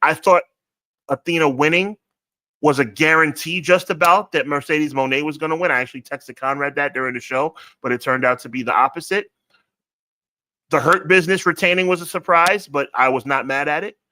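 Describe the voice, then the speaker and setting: A man hosting a wrestling podcast, giving emphatic opinions and slowing down to stress key points. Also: fairly high pitch, sharp tone, dry recording. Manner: emphatic, deliberate, stretches words for emphasis. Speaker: podcast host. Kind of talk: casual podcast review.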